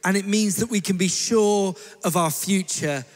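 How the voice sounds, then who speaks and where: A man, a pastor, preaching in a steady, measured way with light humour. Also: high voice. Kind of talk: sermon. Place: church hall. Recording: echoey church hall.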